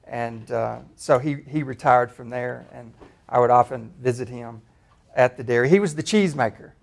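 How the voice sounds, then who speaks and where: Tennessee-born man with a gravelly voice. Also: mid-range voice, normal speed. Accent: Tennessee Southern. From Tennessee, USA. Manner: relaxed, self-deprecating, with frequent "uh" and "um". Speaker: faculty speaker. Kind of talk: personal talk at a campus forum.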